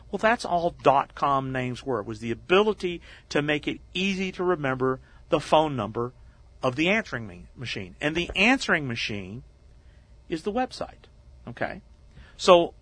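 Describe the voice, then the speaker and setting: Bright-voiced man telling a story. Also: medium pitch, dry recording. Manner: animated, acts out quoted voices. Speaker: interview guest. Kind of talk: conversational storytelling.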